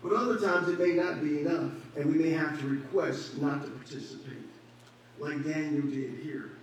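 A man's voice: a little high, steady tone, moderate pace. A man preaching a sermon as pastor, building emphasis and acting out conversations. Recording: very echoey hall, mic far off, faint hum.

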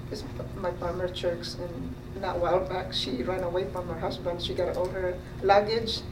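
A woman from the congregation sharing a story with the pastor in a halting way, full of fillers; she is not an English speaker. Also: lowish voice, little pitch movement, echoey room, recorded from a distance, noisy background.

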